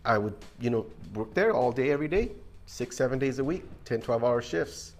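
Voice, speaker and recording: Animated male storyteller, swears casually. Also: mid-range voice, normal speed. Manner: animated, acts out quoted voices, casual swearing. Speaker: guest telling army stories.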